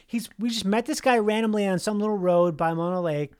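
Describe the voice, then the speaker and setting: A podcast host in loose, casual chat. The talk rambles and jokes, with sentences that trail off and restart, at a middle pitch. The delivery is relaxed and conversational. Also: quick pace, clear, resonant tone.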